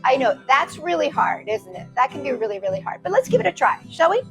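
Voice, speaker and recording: A woman's voice: sits high, very animated, fast, creaky, a bit bright, soft background music. A woman hosting a children's story time, reading picture books and poems in a sing-song, encouraging way and talking straight to the kids.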